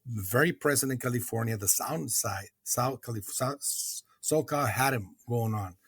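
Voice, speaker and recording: Earnest, husky-voiced middle-aged man. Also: medium pitch, moderate pace, a bit bright, no echo. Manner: earnest and reflective, many hesitant uh's and restarts. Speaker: guest. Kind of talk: recovery podcast conversation.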